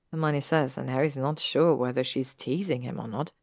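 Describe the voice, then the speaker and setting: Low gravelly woman reading a story. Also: fairly even intonation, normal speed, dry recording, clean studio sound. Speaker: narrator. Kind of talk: audiobook reading of fan fiction.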